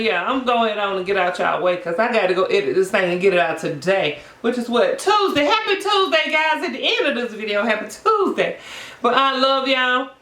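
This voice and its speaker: A woman, chatting to viewers in a sassy, animated, gossipy way while eating on camera. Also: a little high. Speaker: mukbang vlogger. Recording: echoey room.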